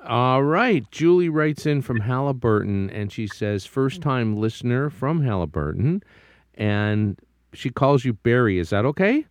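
A man's voice: medium pitch, lively intonation, measured pace, no echo. A male radio host reading out listener mail in a friendly, easygoing way.

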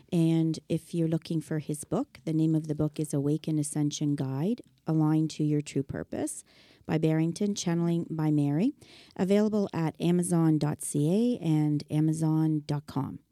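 A woman's voice: sits low, warm tone, no echo, clean studio sound. A woman co-hosting a casual talk show, upbeat and chatty as she reads out listener emails. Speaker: co-host.

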